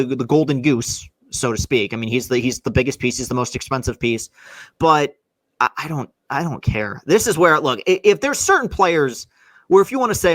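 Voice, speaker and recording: A man's voice: medium pitch, dry recording. A man hosting a solo sports podcast, talking casually and getting worked up, often repeating and restarting words. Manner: animated, repeats words and restarts when heated.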